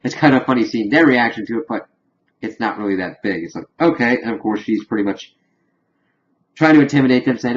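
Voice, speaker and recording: A man rambles through a loose recap, peppering it with fillers and the odd curse. His voice sits at a middling pitch. The recording sounds muffled and lo-fi. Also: expressive, a little fast. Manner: rambling, loose, profane storytelling with lots of fillers. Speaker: reviewer. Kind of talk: casual episode recap.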